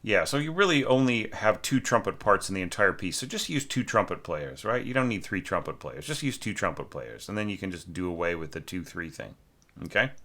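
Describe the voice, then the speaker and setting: A man with a low voice that still sounds forceful and bright, giving a casual critique of a student's orchestral score. He thinks aloud with plenty of fillers and sings rhythm patterns as nonsense syllables to make his point. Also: big pitch swings, fairly quick.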